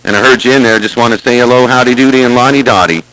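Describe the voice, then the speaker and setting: A man's voice: medium pitch, fairly even intonation, very fast, bright, forceful tone, no echo, rough recording. A man in casual chat over a CB radio, with folksy talk and repeated greetings. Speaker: CB radio operator. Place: Southern California, near the Salton Sea. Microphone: CB radio transmission.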